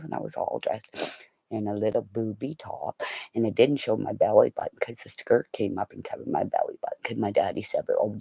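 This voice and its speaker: A woman from Canada ranting in a monologue, swearing a lot and swinging from shouts to low mutters. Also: vocal fry, slightly rough, dry recording.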